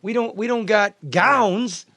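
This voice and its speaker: A fairly high-voiced man hosts a news talk show. He talks bluntly and throws in profanity, tripping over and repeating his words. His voice sounds close and dry, with no room around it. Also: slow pace, bright, forceful tone, no room sound. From American Midwest. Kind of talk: casual talk show banter.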